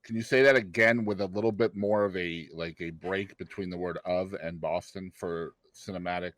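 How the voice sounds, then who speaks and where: Man, podcast guest, teasing, mock-serious, very low voice, dry sound. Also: fairly even intonation, moderate pace, fairly bright tone, no room sound. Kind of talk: casual chat.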